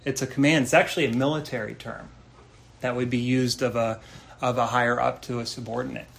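A man preaching a sermon in an earnest, conversational way, asking rhetorical questions and reading scripture slowly. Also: medium pitch, steady tone, creaky, a bit bright. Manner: reads scripture slowly and deliberately. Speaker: pastor. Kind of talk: expository sermon.

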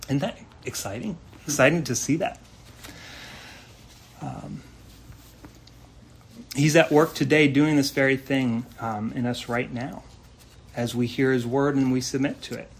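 Slow, earnest male preacher. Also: medium pitch, steady tone, gravelly, slight background noise. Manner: earnest, conversational, asks rhetorical questions; reads scripture slowly and deliberately. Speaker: pastor. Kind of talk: expository sermon.

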